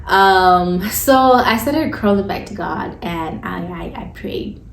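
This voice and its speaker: A woman with a lowish voice speaks slowly as she gives a personal faith testimony. She's an esthetician, and her storytelling is casual, candid and informally worded, captured in an echoey room.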